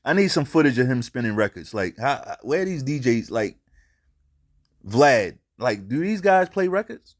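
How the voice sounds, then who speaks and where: A man hosts a casual commentary show with blunt, profane talk. He repeats his points for emphasis and keeps an ordinary, mid-pitched voice. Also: very animated, normal speed. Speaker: commentary channel host.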